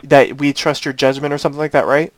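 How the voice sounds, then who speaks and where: A man's voice: fairly high pitch, little pitch movement, fast talker, slight background noise. A man co-hosting a podcast, talking casually and tentatively, checking with the others as he goes. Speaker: podcast co-host. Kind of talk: casual discussion.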